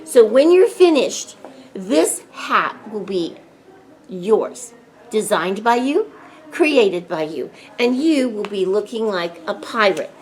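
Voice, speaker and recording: A woman, a children's librarian, showing a pirate hat craft to kids with animated, playful pirate greetings. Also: medium pitch, slow pace, rough recording.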